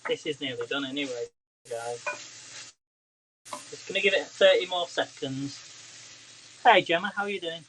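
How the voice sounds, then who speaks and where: Guy cooking live, chatting to viewers as he goes, bit high voiced, pan sizzling quietly behind. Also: normal speed, pauses often, slight background noise, low-quality recording. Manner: chatty, talks to viewers as he cooks. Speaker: home cook streaming live. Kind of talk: casual live cooking chat. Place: home kitchen.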